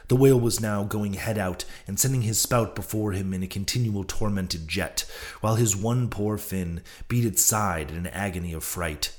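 Low-voiced man reading a sea tale. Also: a little mellow. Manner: measured storytelling. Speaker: audiobook reader. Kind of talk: scripted narration.

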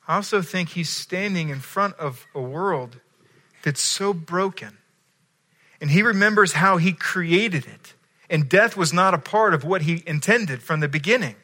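Bright-voiced male preacher, conversational. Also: high voice, measured pace. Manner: conversational, often checking in with listeners. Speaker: pastor. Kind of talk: sermon.

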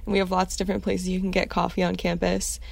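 A woman's voice: fairly low pitch, monotone, quick pace, creaky, a little mellow, no room sound. A young woman co-hosting a student podcast, recommending places with upbeat enthusiasm. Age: young adult. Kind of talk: casual chat.

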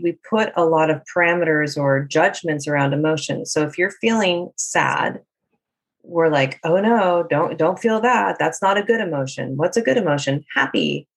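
A woman life coach speaking in an earnest, reflective way, sometimes acting out people's inner voices as she talks. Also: low-pitched. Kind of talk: casual conversation.

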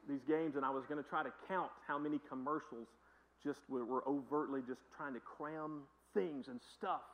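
High-voiced pastor, chatty and emphatic. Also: male voice, lo-fi sound. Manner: conversational, repetitive, emphatic, joking asides. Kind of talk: sermon.

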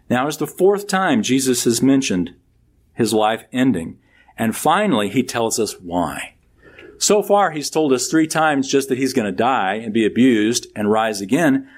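A middle-aged man delivering a sermon from the pulpit. He talks through the text plainly, then lets his voice climb with strong emphasis on each key line. His pitch moves a lot, with an ordinary mid register. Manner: conversational preaching that builds to emphatic, rising peaks. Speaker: pastor.

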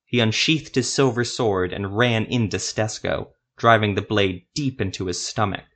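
A man narrating a grim fantasy story in a steady, measured reading. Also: fairly low pitch.

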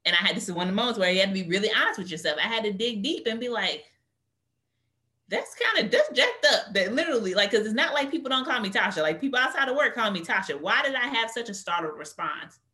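A woman guest on an interview podcast, telling her story in an animated, conversational way and acting out what people said. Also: medium pitch, very fast, few pauses. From United States. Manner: animated storyteller, acts out quotes. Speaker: guest, career coach.

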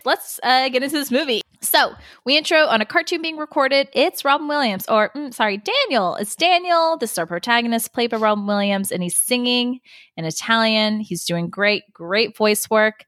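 A woman's voice: on the high side, moderate pace, a bit bright, dry recording, studio quality. A woman co-hosting a casual movie rewatch podcast, chatty and laughing often mid-sentence. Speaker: podcast co-host.

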